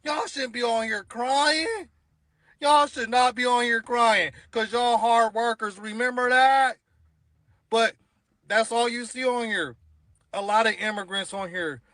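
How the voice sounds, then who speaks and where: A man's voice: high-pitched, unhurried, a bit bright, dry recording. A man in a social media rant, complaining and lecturing his audience.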